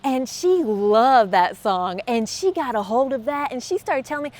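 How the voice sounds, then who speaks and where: High-voiced woman hosting a devotional talk. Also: expressive, normal speed. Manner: warm, conversational, laughs often, acts out quotes. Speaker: host of a faith encouragement show. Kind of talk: devotional encouragement talk to camera.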